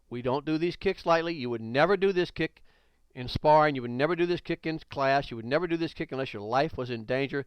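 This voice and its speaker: A man's voice: fairly high pitch, a bit bright, clean tone, dry recording. A man narrating a karate instruction video, blunt and emphatic, repeating warnings and punctuating with exclamations.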